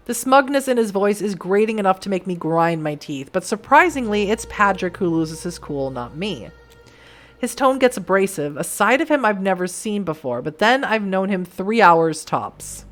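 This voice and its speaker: A hoarse woman streamer reading a story game aloud, animated and playful. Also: mid-range voice, normal speed, faint music behind. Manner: animated, laughs between lines.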